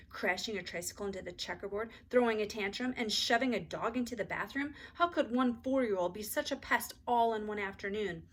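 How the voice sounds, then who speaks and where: A woman teacher narrating a children's chapter book aloud in an even, expressive way. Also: mid-range voice, slight background noise. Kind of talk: storybook read-aloud.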